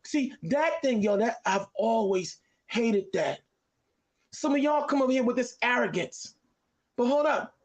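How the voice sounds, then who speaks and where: A man arguing on a talk show, combative, firing off rapid questions. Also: very high-pitched, expressive. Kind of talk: heated talk-show debate.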